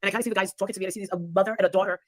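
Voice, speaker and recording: A woman's voice: medium pitch, fairly even intonation, racing, no echo. A woman hosting a casual livestream chat, blunt and swearing freely, often laughing. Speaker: livestream host.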